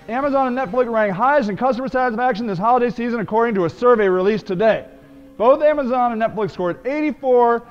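A man hosting a web marketing show, talking emphatically about good and bad websites. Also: very high-pitched. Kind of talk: energetic video commentary. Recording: dull, roomy lo-fi web video audio.

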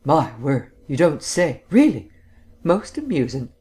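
A man's voice: medium pitch, normal speed, darkish tone, lightly acted. Foppish dilettante detective, sweetly condescending drawl, read by a man, audiobook. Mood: mock surprise. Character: languid refined dilettante gentleman sleuth. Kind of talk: audiobook reading.

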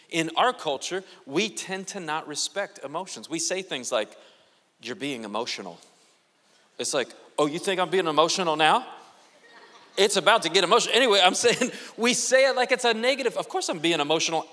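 A man preaching a sermon as a guest pastor, animated and quick to joke with the congregation. His voice sits a little high and rings bright and forceful. It trails off into the long reverb of a large church hall. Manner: animated and joking, with playful asides to the congregation. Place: church sanctuary.

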